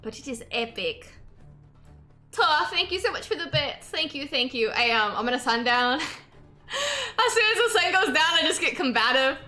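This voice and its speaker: Bubbly high-voiced young woman streamer. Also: big pitch swings, moderate pace, bright, forceful tone, faint music behind. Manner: bubbly, laughs often, reads chat aloud. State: sleep-deprived. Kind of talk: casual live-stream chat.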